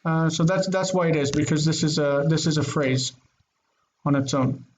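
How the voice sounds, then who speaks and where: A man's voice: fairly high pitch, moderate pace, slight background noise, low-quality recording. A man teaching a Biblical Hebrew grammar lesson online, explaining with eager enthusiasm and thinking aloud. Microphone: video call.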